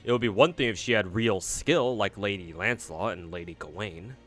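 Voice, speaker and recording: A man's voice: fairly low pitch, brisk, fairly bright tone, lightly acted. A man voicing a smug male fairy knight who mocks and gossips, reading aloud from a game. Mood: sneering.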